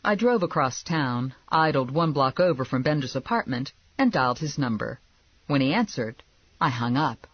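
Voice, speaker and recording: A woman's voice: rumbling low, animated, normal speed, breathy edge, no echo, highs cut off. A woman narrating a novel in the first person, in a wry, conversational storytelling manner. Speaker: audiobook narrator.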